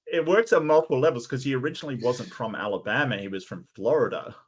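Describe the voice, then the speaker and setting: A man's voice: mid-range voice, quick pace. A man in casual chat, blunt and sardonic, with a lot of swearing. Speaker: co-host reviewer.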